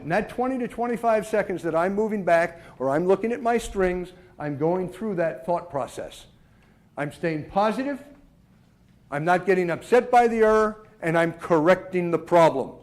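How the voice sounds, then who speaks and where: A man's voice: sits high, a little mellow. A middle-aged man coaching tennis players on the mental game, talking emphatically, asking himself rhetorical questions and restarting on repeated words. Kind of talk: instructional talk on mental game.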